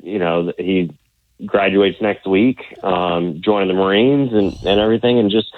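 A man's voice: sits low, steady tone, dry recording. Caller, a man in his forties, cheerful and stop-start, heard over a phone line. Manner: upbeat, laughing, halting. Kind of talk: phone call-in chat.

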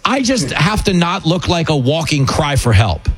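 Animated, joking male radio host. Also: a little high, moderate pace, slightly rough, faint music behind. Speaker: radio talk show host. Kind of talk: casual radio chat.

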